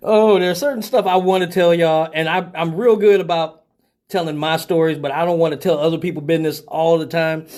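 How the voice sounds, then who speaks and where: A man hosting a live show, telling a profane story in a casual, animated way and laughing often. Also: a little high. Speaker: host of a live call-in show.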